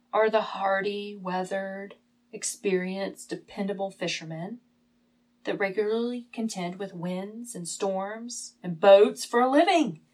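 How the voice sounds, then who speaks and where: A woman teaching a Bible lesson as a sermon, telling the story dramatically, at times hushed and at times emphatic. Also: medium pitch, poor audio.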